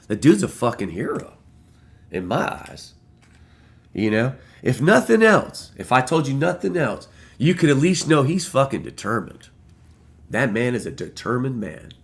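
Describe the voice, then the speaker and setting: Animated man telling a personal story. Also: medium pitch, unhurried, vocal fry. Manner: emotional, excitable, swears freely. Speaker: vlogger.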